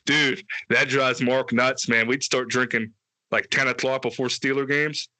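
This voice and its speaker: This co-host speaks a little slowly in a mid-range voice, recorded without room sound. On the casual podcast he tells a wild story, profane and animated, loudly acting out the quotes.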